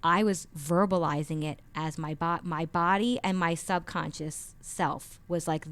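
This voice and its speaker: A woman guest on a podcast, telling a personal story with lively expression and acting out the dialogue. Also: lowish voice, moderate pace, few pauses, smooth, no room sound. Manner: expressive, acts out quoted dialogue. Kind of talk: animated storytelling in an interview. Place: radio studio. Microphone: studio microphone.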